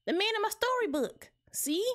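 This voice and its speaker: A woman's voice: big pitch swings, normal speed, a bit bright, heavily acted. A woman voicing a frightened little boy rabbit in a game, pleading in a raised, childlike voice. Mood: scared. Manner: high, pleading, scared. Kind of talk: game voice-acting.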